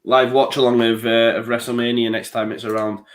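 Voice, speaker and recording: Blunt co-host, swears freely, laughs often. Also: male voice, mid-range voice, level tone, fairly quick. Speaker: co-host of a fan channel. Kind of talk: live stream chat.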